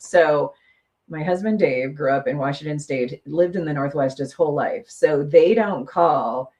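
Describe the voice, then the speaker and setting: A middle-aged woman with a notably deep voice co-hosts a relaxed talk show. She speaks emphatically and laughs easily between her points. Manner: chatty, emphatic, quick to laugh. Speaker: podcast co-host. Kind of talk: casual chat.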